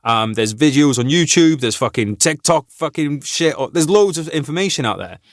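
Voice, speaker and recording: A man who is an army veteran, hosting a podcast in a relaxed, laughing chat full of swearing and banter. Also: a little high, normal speed, dry recording, studio quality. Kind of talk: casual chat.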